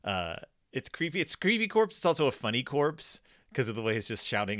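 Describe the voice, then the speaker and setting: A man talks in a casual podcast chat, his pitch swinging up and down as he rambles, laughs and restarts his sentences. His voice is bright and forward, recorded dry and close with no room sound. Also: lively intonation, fairly quick, no room sound. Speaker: podcast co-host. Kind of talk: casual chat reviewing a horror episode.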